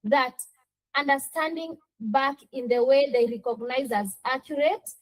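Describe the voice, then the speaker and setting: A woman's voice: high-pitched, measured pace, no echo, poor audio. A woman student answering in class and listing her points by number.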